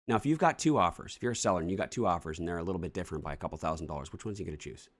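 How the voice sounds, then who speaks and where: Deep-voiced, fast-talking coach man. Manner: blunt, swears freely; acts out offers as if speaking to a seller. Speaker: real estate investing coach. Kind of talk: casual coaching talk on a morning show.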